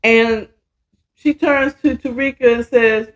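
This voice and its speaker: This is a podcast host telling a story in a relaxed, gossipy way. The pace is slow and drawn out, and the pitch sits in a middle range. They keep it casual and full of slang. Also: highs cut off. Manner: chatty, slangy, voices the characters' lines.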